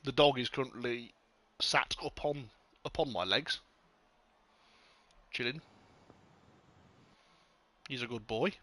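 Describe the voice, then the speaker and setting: A man commentating a sim race on a casual live stream, excitable, sweary and jokey. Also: mid-range voice, slow, long pauses.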